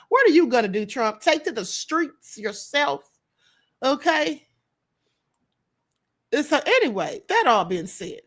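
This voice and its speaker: A high-pitched woman hosts a casual live stream and talks back at the news. She is sassy and quick to laugh, and she calls her viewers honey. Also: big pitch swings, a bit bright.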